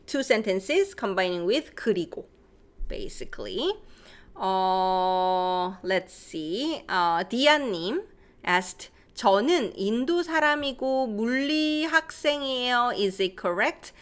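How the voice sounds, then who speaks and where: Lively Korean woman teaching online. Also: fairly high pitch, a little fast. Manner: switches between English explanations and Korean examples, reads viewer questions aloud. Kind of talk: live-streamed language lesson.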